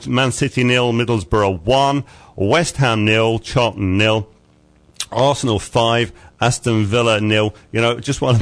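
A man with a fairly low voice hosts a radio show. He reads sports results in a loose, chatty way, full of uhs and little chuckles. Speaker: radio host reading sports news. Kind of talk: casual radio chat and news roundup.

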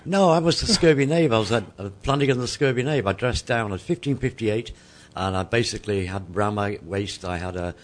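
A man's voice: lowish voice, a little fast, few pauses. Rambling northern English man on radio. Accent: Mancunian English. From England. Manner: rambling, hesitant, many fillers. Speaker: radio co-host. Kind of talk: casual radio chat.

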